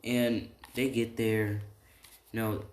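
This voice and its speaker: A man's voice: on the low side, little pitch movement, drawn-out words. A man telling an improvised fan story in a rambling way, with many restarts and tag questions. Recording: echoey room, faint typing.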